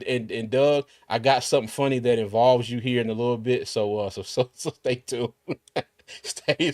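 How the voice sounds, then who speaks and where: A man's voice: medium pitch, a little mellow, no room sound, clean studio sound. A man hosting a casual livestream, chatting and reading viewer comments aloud with frequent restarts. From Carolinas, US. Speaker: livestream host.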